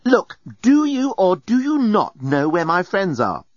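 A man's voice: high voice, very animated, unhurried, dry recording, pitched above the performer's own voice, exaggerated voice. A man voicing a prim young woman who speaks in a cross, formal, precise way. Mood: stern. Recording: dull, muffled sound.

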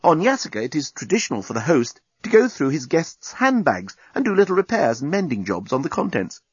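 A man voicing a gentle, adoring male alien corporal who speaks politely and unhurriedly, in a storybook reading. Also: a little high, big pitch swings, a little fast, slightly rough, no room sound, voice pushed up. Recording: dull lo-fi recording.

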